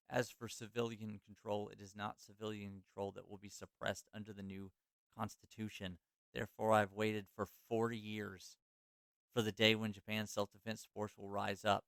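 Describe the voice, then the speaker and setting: Man reading as a declaiming middle-aged author, low smooth voice, loud appeal to troops, dry sound. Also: no echo. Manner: dramatic, declaiming read. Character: impassioned middle-aged male author haranguing soldiers. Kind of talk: dramatic reading of a speech.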